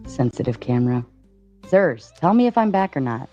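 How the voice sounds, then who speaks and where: Woman, husky soft voice, low-pitched, defiant, live-stream panel, muffled audio, faint music. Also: very animated, normal speed. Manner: defiant, reads out donations. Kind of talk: casual live-stream talk.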